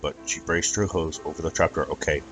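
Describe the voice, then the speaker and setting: A man reading a fan fiction story aloud as narrator, with an even storytelling manner and some stumbles. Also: rumbling low, fairly quick, soft background music, poor audio.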